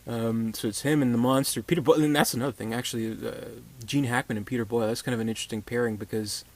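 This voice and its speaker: A man's voice: medium pitch, fairly even intonation, very fast. Rambling man reviewing a movie. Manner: rambling, many fillers and restarts. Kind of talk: casual film review.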